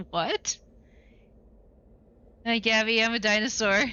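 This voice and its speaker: A woman's voice: medium pitch, unhurried, a bit bright. A woman hosting a game playthrough who reads the narration aloud and jokes about her moves, laughing often. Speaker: let's-play host. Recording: dull lo-fi sound.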